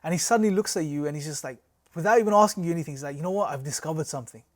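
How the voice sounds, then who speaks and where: Male lecturer, slightly high voice, explanatory, leans on rhetorical questions and analogies. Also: very fast. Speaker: course teacher. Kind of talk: recorded religious lecture.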